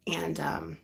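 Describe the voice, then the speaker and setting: A woman's voice: low voice, gravelly. A woman in her thirties from the United States, hosting a rambling, confiding livestream chat. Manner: rambling, confiding, with sighs and soft laughs. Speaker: livestream host. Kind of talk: casual chat.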